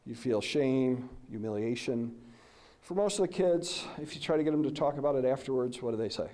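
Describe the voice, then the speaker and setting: A middle-aged man giving a presentation, telling animated stories and posing questions to the audience. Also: mid-range voice, normal speed. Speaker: lecturer. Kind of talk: conference presentation.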